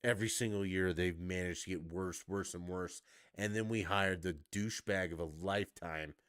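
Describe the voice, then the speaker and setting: A man's voice: deep voice, fairly even intonation, moderate pace, a bit bright, clean tone, no room sound, studio quality. A man on a live stream, ranting heatedly with heavy profanity about his sports team. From Denver.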